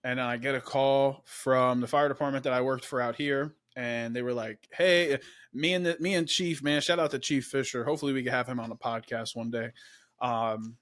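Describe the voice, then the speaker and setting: A man's voice: medium pitch, steady tone, a little fast, fairly bright tone, no room sound, studio quality. A young man hosting a podcast, telling his story in a casual, laid-back way, often saying "man" and "dude". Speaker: podcast host.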